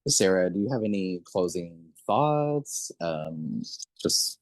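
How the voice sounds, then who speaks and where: Closing out an interview, a podcast host thanks his guests earnestly and with open emotion. His voice is low-pitched with big swings in pitch, and he takes it slowly; the audio is poor, with no room sound.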